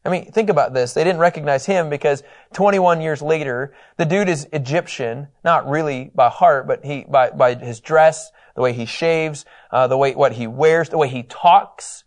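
Bible teacher, male, higher voice, lively, talks it through casually. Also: moderate pace. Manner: animated, conversational, acts out quotes.

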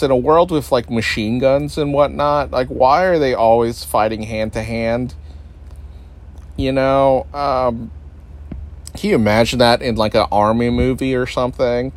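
A man's voice: mid-range voice, fairly even intonation, a little slow. A man ranting in a casual, rambling way, sarcastic, full of restarts and swearing, mocking other people's voices as he goes. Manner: frequent restarts and profanity. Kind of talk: casual rant.

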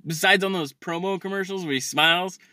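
A man ranting comedically, swearing constantly and stammering through restarts, swinging between loud outbursts and low mutters. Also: a little fast, no room sound, clean studio sound. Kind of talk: profane comedic rant.

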